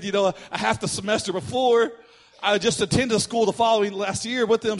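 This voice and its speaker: An animated male preacher tells a story from his own life, throwing himself into every quoted voice. His voice sits fairly high for a man. A long hall reverb trails after each phrase. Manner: animated, acts out quotes with big swings of pitch and volume. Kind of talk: sermon storytelling.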